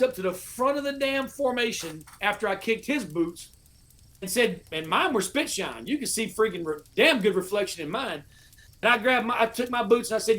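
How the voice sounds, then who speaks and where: A man's voice: very high voice, a little fast. A middle-aged American man, an army veteran guest on a podcast, telling a long story casually, swearing often and acting out the orders he once gave. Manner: animated, profane storyteller, acts out his old orders.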